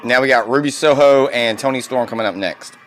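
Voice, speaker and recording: A man hosting a casual wrestling review podcast, rambling excitedly and swearing freely as he reacts. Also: medium pitch, a little fast.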